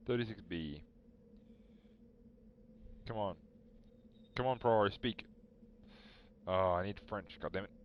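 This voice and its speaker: Male streamer, casual self-talk; low, slow delivery on a slightly dull mic. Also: slight background noise. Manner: muttering to himself while searching. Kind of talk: casual live-stream chat.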